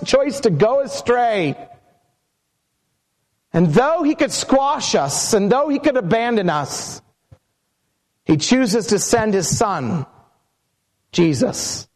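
A man preaching a sermon with emphatic, measured phrasing, sometimes slowing to draw out words and telling stories along the way. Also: extremely high pitch. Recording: long hall reverb.

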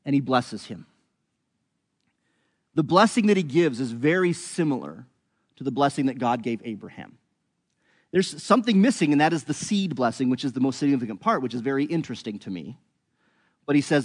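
A man teaching a bible passage, telling the story in an animated, conversational way. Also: medium pitch, brisk, in a large hall.

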